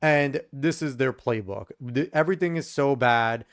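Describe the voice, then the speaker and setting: A man's voice: mid-range voice, normal speed. Emphatic male podcast co-host. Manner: emphatic, building an argument. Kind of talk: casual commentary.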